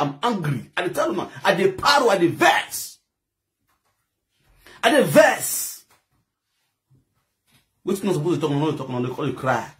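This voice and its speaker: A man from Edo State with a Nigerian accent, delivering a heated, scolding online rant that switches between pidgin and a local language. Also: on the high side. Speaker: social media commentator.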